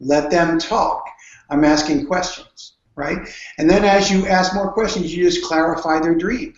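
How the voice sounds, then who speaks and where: A man's voice: on the high side, a little slow. A man answering interview questions about prospecting, telling earnest stories and often restarting his sentences. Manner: storytelling, earnest, with frequent restarts. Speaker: guest speaker on network marketing. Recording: dull, roomy sound.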